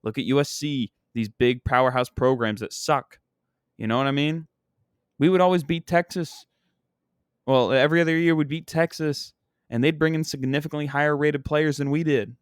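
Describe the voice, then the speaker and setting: A man's voice: a little high, steady tone, normal speed, clear, resonant tone, dry recording, clean studio sound. A young man, a comedian hosting his own podcast, chatting casually and venting in a rambling, exasperated way as a sports fan. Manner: rambling, exasperated sports-fan venting with frequent "you know what I mean". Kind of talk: casual solo podcast chat.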